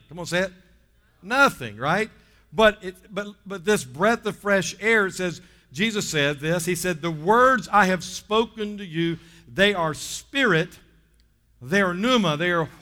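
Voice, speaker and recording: With a high, bright, forceful voice, a man with a Southern US accent preaches as pastor, emphatic and stretching key words while calling on the congregation to respond. The audio carries reverberant hall sound.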